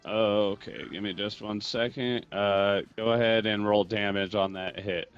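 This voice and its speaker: A low-pitched man narrating a tabletop game as game master, calling for dice rolls between stretches of description. The recording is dull and lo-fi, with faint music underneath. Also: steady tone, a little slow, clear, resonant tone. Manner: calls for rolls and narrates the action.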